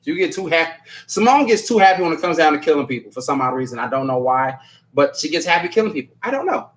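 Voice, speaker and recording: A man's voice: fairly high pitch, expressive, quick pace, low-quality recording. A man hosting a live stream, chatting casually as he reads viewer comments, rambling, repeating himself and laughing often. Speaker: host of a live stream show.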